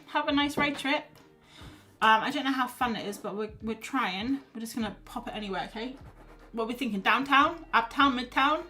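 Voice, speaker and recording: A woman livestreaming her art, chatting casually and laughing at herself as she thinks out loud. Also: fairly high pitch. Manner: chatty, self-deprecating, thinks aloud while reading chat. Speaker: art streamer.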